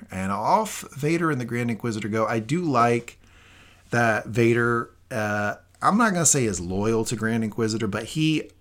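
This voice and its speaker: Excitable, swearing male podcast co-host. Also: mid-range voice. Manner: excitable, animated, swears freely. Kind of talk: casual review chat.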